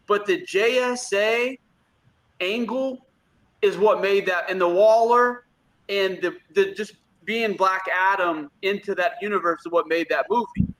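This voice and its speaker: A man's voice: high-pitched, pushed and bright, low-quality recording. A man co-hosting a casual pop-culture podcast, talking in a blunt, profane, opinionated way. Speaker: podcast co-host.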